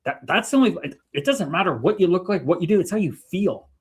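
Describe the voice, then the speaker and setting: A man co-hosting a livestream, telling spiritual stories in an animated way that swings between loud and soft. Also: high voice, quick pace, husky. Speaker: livestream co-host. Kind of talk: spiritual casual chat.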